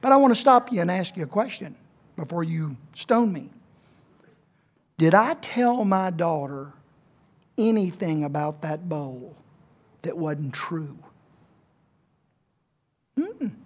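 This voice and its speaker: A man in his fifties, a pastor preaching a sermon in a church, telling a story with big swings in pitch and loudness. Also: animated, takes it slowly, long pauses. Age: 50s.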